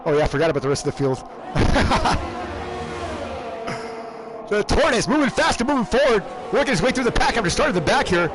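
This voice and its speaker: A man commentating a sim race live, animated and shouting in bursts, often repeating words quickly. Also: high voice, over music. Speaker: race commentator and league team owner.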